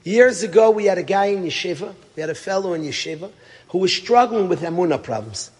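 A middle-aged rabbi who teaches at a yeshiva tells a story during a sermon, emphatic and packed with rhetorical questions, swinging between loud and hushed. His high voice is expressive, a little fast, and breathy-edged, with the sound of a big room around it.

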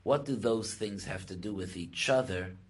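A rabbi gives a Torah class in a lowish, husky voice at normal speed, explaining Hebrew texts in English. His voice rises when he quotes them, and he thinks aloud with many restarts.

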